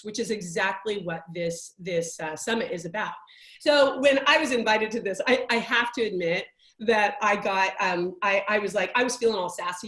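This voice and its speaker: A woman life coach giving a conversational workshop talk, telling stories in a chatty, animated way with many restarts. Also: mid-range voice, reverberant.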